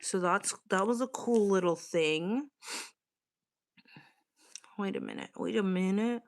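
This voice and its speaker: A woman's voice: mid-range voice, takes it slowly. A young woman chatting casually on a livestream from home, swearing freely and reading the chat aloud. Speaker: live streamer. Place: home, evening.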